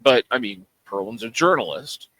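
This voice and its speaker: A man co-hosting a podcast, talking in a wry, casual way with frequent swearing and lively retelling of stories. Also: medium pitch, moderate pace, a little hiss or hum, low-quality recording. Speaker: podcast co-host. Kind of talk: casual chat.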